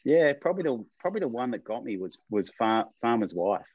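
A man's voice: mid-range voice, big pitch swings, fairly quick, darkish tone, breathy edge, no room sound, highs cut off. A man, a distillery owner, chatting casually and rambling a little with fillers. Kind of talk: casual chat.

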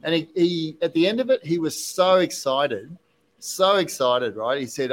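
A man hosting a podcast, telling an animated story casually with many restarts and asides. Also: fairly high pitch, a little slow, low-quality recording. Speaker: podcast host, whiskey distiller.

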